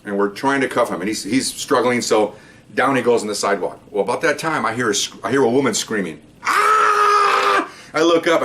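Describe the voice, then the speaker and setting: An older man, a retired police officer telling a story casually and acting out the voices of the people in it. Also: fairly low pitch. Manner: animated, acts out voices in the story.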